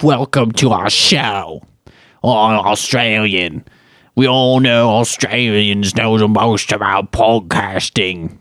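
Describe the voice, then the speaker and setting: A man's voice: fairly low pitch, takes it slowly, a bit bright, dry recording, studio quality. A man hosting a podcast, joking through his welcome.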